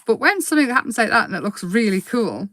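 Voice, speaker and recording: A woman hosting a casual live craft demo, chatty and quick to giggle as she paints. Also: on the high side, sing-song, fairly bright tone, no room sound.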